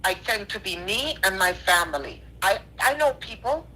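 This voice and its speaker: A woman's voice: medium pitch, sing-song, normal speed, pushed and bright, slightly rough. A tearful woman calling in on a phone line, talking in an earnest, repetitive, preacherly way. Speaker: caller. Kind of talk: emotional call-in apology.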